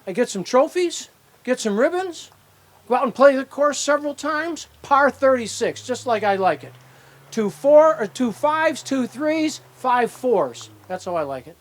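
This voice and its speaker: At an outdoor ceremony on a disc golf course, an older man being inducted into a hall of fame speaks in a very high, unhurried voice with wide pitch swings. His acceptance speech is full of rambling anecdotes with acted-out dialogue.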